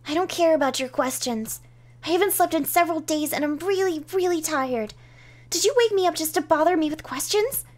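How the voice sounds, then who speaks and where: A woman's voice: very high voice, expressive, measured pace, voice pushed up. A woman voicing a grumpy, sleepy young fox shrine maiden who whines and pouts indignantly. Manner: whiny, indignant, pouting.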